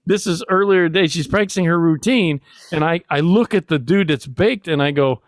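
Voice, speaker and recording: A man's voice: fairly high pitch, normal speed, dry recording, clean studio sound. A man hosting a podcast, telling a rambling comic story and laughing often at himself. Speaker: podcast host. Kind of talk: casual comedic storytelling.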